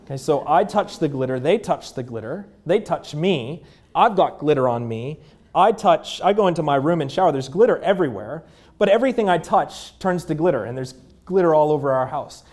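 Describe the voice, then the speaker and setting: A man's voice: on the high side, expressive, fairly quick. Conversational male preacher. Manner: conversational preaching with many fillers; drops to a hushed voice at moving moments. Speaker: pastor. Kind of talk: sermon.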